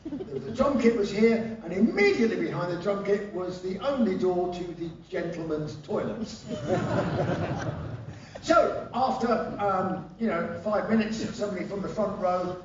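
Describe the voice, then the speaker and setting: Speaking at a normal pace in a high voice, this stage storyteller delivers animated, profanity-laced tales and laughs often. It's a live concert venue with background noise, captured as a dull, echoey, distant recording.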